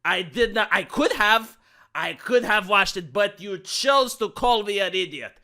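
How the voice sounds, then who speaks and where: Sarcastic man with a bright voice. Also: sits high, expressive, measured pace. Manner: sarcastic, theatrical, mock-grandiose. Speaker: YouTube commentator. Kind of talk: ranting commentary vlog.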